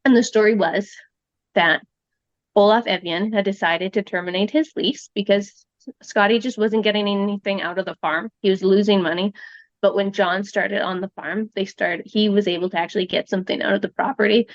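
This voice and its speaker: A woman's voice: mid-range voice, steady tone, fairly quick, dry recording, lo-fi sound. A Canadian woman casually retelling a true-crime story, acting out the quotes with lots of fillers. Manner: chatty, acts out quotes, many fillers. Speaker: storyteller guest.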